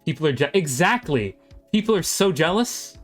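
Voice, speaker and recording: Man, a touch high-pitched, calling a game live and chatting with viewers, soft music underneath. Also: animated. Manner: quick play-by-play, chatting with viewers between plays. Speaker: commentator. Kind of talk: live game play-by-play commentary.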